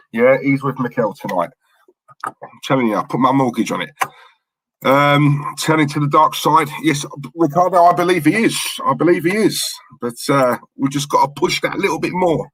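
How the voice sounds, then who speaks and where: Husky man hosting a watchalong. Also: medium pitch, a bit bright, no room sound, poor audio. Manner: chatty, banters with viewers, reads out names and lineups. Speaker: football watchalong host. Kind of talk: casual live-stream chat.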